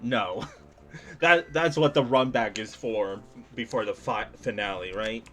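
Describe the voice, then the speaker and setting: A young man streaming, casually reviewing game levels with lots of laughter and swearing. His voice leaps up high when he gets worked up. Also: unhurried, faint music behind. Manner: animated, jumps into high excited pitch when ranting; swears casually, speaks to chat, laughs often. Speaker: streamer judging a level design contest. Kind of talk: casual gaming stream commentary.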